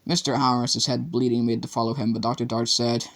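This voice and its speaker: A man's voice: mid-range voice, little pitch movement, quick pace, few pauses. Man narrating an audiobook.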